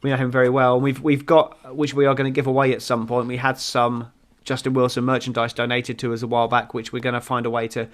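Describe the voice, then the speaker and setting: A podcast co-host talks through motorsport results and standings in a rambling way, full of ums and restarts. His mid-range voice barely moves in pitch, and he speaks fast with few pauses.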